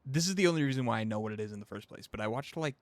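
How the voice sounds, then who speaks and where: A man co-hosting a relaxed podcast with friends, talking in long animated explanations and laughing easily. His voice is mid-pitched. The room sounds dry and close. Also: very fast, dry recording. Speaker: podcast co-host. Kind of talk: casual chat among friends.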